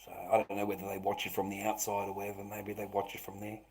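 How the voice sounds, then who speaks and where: Profane rambling man, rather low voice. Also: monotone, fast, rough recording. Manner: profane, rambling, swings between loud outbursts and low muttering. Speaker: livestream host. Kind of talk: rambling live-stream monologue.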